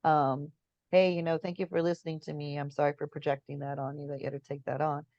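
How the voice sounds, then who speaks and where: A woman's voice: low voice, level tone, quick pace, a little mellow, dry recording, highs cut off. A woman in a casual spiritual chat, telling stories, acting out quotes and searching for words as she goes. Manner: chatty storyteller, acts out quotes, searches for words. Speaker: guest.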